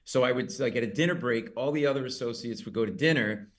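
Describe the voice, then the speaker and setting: A middle-aged man spinning a comic anecdote in a conversation. He tells it briskly and jumps into loud, high-pitched voices whenever he quotes someone. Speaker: comedian guest. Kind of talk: storytelling in an interview.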